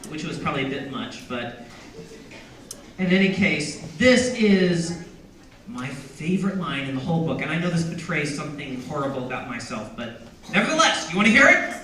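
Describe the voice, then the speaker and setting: A man's voice: fairly high pitch, expressive, moderate pace, a bit bright, far from the mic. A man, an author, chatting playfully with a crowd at a bookstore signing, joking about himself and laughing often. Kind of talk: reading excerpts and chatting with a crowd. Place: large indoor bookstore. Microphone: audience camera from a distance. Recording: echoey room, recorded from afar.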